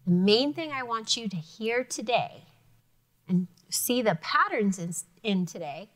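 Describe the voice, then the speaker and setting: A woman teacher giving an elementary phonics lesson, sounding out words carefully and clearly for young students. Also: fairly high pitch, expressive, unhurried.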